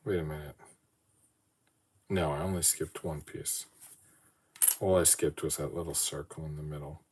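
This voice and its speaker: Very deep-voiced man musing while building. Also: moderate pace. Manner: rambling, self-deprecating, muttering to himself. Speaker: podcast host. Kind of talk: casual solo talk while building a model. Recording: steady background noise.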